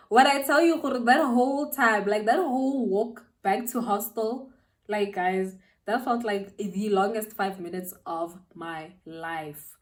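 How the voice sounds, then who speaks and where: South African woman telling an animated story. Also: medium pitch, takes it slowly, distant mic. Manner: animated, laughing, slangy. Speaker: beauty vlogger. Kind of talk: storytelling while doing makeup.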